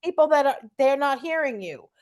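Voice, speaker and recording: A woman co-host speaks thoughtfully about why people miss what a patient goes through. Her voice sits fairly high, and she sounds a little off-mic. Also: animated, fairly quick, a little mellow. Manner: supportive, reflective commentary. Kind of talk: casual chat.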